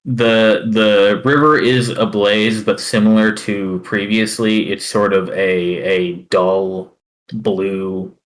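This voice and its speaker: A man narrating a tabletop game as its dungeon master, in a lowish voice. He talks slowly and deliberately, filling pauses with hums and restarts as he describes what happens. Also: steady tone, rough recording. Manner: slow, measured narration with many fillers.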